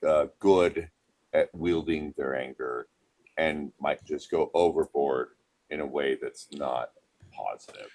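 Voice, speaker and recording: A man with an extremely deep voice, co-hosting a podcast in relaxed talk. He asks questions and weighs the answers in a measured, even-tempered way. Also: no echo. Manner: inquisitive, measured, plays it straight. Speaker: podcast co-host. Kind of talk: casual podcast banter.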